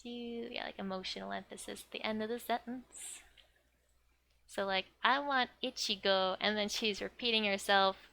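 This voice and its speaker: A woman's voice: mid-range voice, fairly even intonation, normal speed, vocal fry, a bit bright. A young woman giving a casual, chatty language lesson, often laughing and leaning on "like". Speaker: language teacher.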